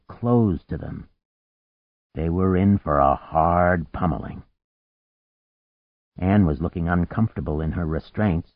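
A man with a fairly low voice reads an adventure story aloud, swinging his pitch widely to paint the action. The reading is vivid and expressive, and the recording is dry and slightly dull in tone. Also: no room sound. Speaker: audiobook narrator. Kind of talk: scripted narration.

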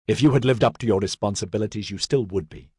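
A man's voice: lowish voice, fast, darkish tone, slightly rough, dry recording, studio quality. A man reading the part of a resolute young male leader who speaks firmly and briefly.

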